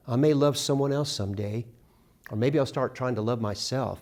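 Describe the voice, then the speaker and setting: A middle-aged man teaching a casual songwriting workshop, acting out lyric lines with lively emphasis. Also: medium pitch, moderate pace. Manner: animated, sings and acts out lyric examples.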